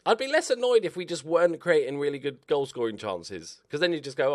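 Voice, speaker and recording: A man commentating over his own football management game, excitable and swearing at his players. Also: a little high, brisk, few pauses, dry recording, clean studio sound. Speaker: gaming YouTuber. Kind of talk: Let's Play commentary.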